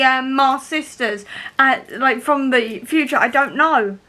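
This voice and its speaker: A young woman chats to her camera at home, her voice high and bright. She rambles excitedly, full of fillers and restarts, like a fan mid-read. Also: moderate pace. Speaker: book vlogger. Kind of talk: casual reading vlog. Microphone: camera mic.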